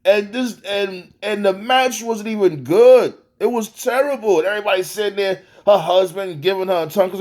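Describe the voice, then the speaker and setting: A man's voice: high voice, normal speed. A man giving a profane, exasperated rant reviewing a wrestling match. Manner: animated, swearing, exasperated.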